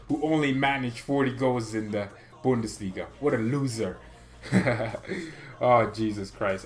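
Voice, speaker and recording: A man hosting a fan channel stream, reading chat comments aloud and reacting with excitable, joking arguments and frequent laughter. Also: medium pitch. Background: faint background music.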